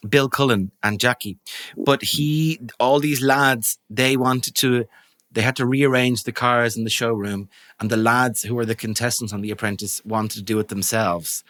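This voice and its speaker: A man's voice: medium pitch, fairly even intonation, moderate pace, a bit bright. A man, an actor co-hosting a casual comedy chat, rambling with lots of fillers. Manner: rambling, many "like" fillers, joking. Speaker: podcast co-host, actor.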